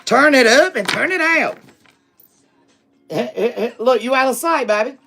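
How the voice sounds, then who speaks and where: This woman reads tarot live for her viewers, speaking slowly in a fairly high, expressive voice that's sharp, slightly rough and touched with vocal fry. Her manner is chatty and close: she calls people "baby" and "boo," tacks "okay?" onto her lines and keeps breaking into laughter. A livestream mic picks her up with faint music in the background.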